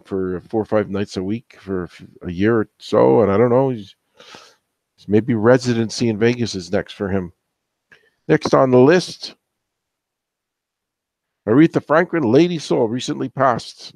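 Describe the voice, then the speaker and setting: A man's voice: on the low side, darkish tone, no echo. A man hosting a casual album countdown, talking in a rambling, opinionated way with gossipy asides. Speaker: music show host.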